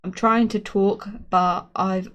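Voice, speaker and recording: A woman's voice: medium pitch, steady tone, slow pace, highs cut off. A woman reading a children's book aloud, narrating expressively in first person. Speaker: storyteller.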